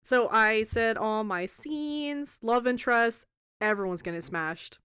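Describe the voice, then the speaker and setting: A woman co-hosting a podcast in casual chat, retelling a film in an animated way, swearing freely and acting out the characters' lines. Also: on the high side, measured pace, clear, resonant tone, no room sound, clean studio sound. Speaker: podcast co-host reviewing a film.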